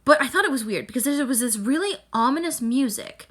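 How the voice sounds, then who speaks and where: A young woman hosting a casual reaction vlog about an anime episode, talking in an excitable, emphatic, rambling way with lots of fillers. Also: high voice, a little fast. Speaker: anime reviewer YouTuber.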